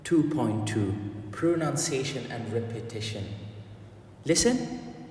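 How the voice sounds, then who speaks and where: A man's voice: medium pitch, a little slow, a little mellow, slight background noise. A man teaching classroom English who acts out the teacher phrases in a raised voice. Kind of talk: lecture on classroom language. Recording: echoey room, far from the mic.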